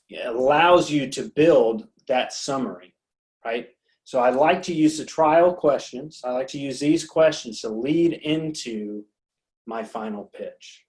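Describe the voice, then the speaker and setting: A man's voice: medium pitch, darkish tone. Man coaching a sales-training talk. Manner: coaching, repeats words, asks "right?"; acts out customer dialogue in quick quotes. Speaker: sales consultant presenting. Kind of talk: recorded sales training presentation.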